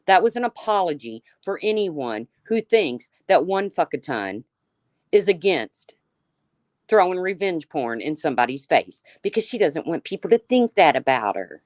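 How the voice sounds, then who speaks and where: A woman's voice: low-pitched, sing-song, moderate pace, dry recording, clean studio sound. A woman hosting a livestream, ranting heatedly with lots of swearing and calling out chat viewers by name. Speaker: livestream host.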